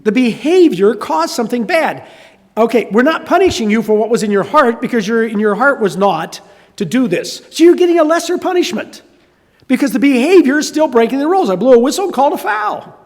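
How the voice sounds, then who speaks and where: A man's voice: very high-pitched, big pitch swings, a little fast, long reverb tail. An older man preaching a sermon, telling a story with conversational asides. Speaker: pastor.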